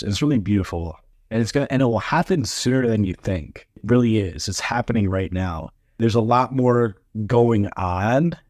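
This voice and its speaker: A man doing a casual spiritual card reading, speaking gently and reassuringly, with frequent pauses and fillers. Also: medium pitch, dry recording, clean studio sound. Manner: gentle, halting, filler-heavy reassuring talk. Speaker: tarot card reader.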